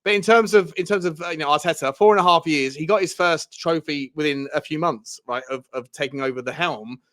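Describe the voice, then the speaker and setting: A man's voice: on the high side, brisk, a bit bright. A man co-hosting a football podcast in casual chat, rambling, with many fillers and restarts.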